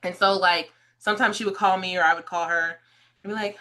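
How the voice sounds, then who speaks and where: This podcast host has a lowish voice and talks fairly quickly, keeping her interview relaxed and conversational. Her stories come alive as she acts out quoted voices, and she laughs a lot along the way.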